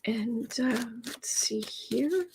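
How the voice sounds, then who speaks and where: A woman's voice: fairly high pitch, animated, very slow, gravelly, noisy background. A woman hosting a tarot livestream, chatting casually and rambling with frequent restarts. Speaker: tarot reader host.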